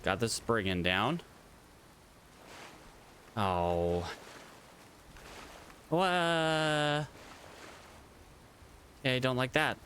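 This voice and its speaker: Male streamer, lowish bright voice, chatty gameplay commentary, faint background hum. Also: expressive, slow pace, long pauses. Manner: chatty, talks to game creatures and chat.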